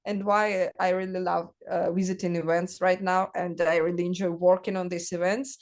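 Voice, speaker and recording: Woman telling stories haltingly. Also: lowish voice, little pitch movement. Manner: halting, searching for words, many fillers. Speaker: guest artist. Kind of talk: casual conversational storytelling.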